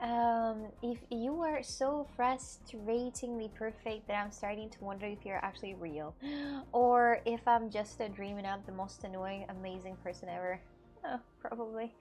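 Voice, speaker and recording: A woman's voice: a little high, darkish tone. A young woman live-streaming from her home setup, chatting casually with her audience, laughing often and swearing freely. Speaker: live streamer reading chat.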